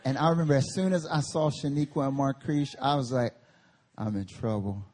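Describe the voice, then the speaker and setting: A male pastor preaching a sermon at a church service, telling animated stories and laughing through them. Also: on the high side, fast.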